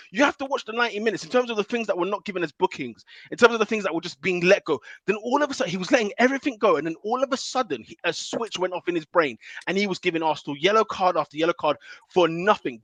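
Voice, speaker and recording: A man's voice: sits high, a bit bright, dry recording. A man co-hosting a podcast, ranting in a heated football debate and repeating himself in exasperation. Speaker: podcast co-host.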